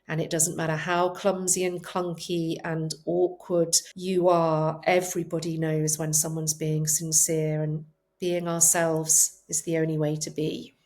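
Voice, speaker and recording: A woman's voice: sits low, level tone, unhurried, a little mellow. Earnest woman doctor. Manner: earnest, heartfelt, sincere. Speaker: palliative care doctor, guest. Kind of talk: emotional conversational interview. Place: home, on a sofa.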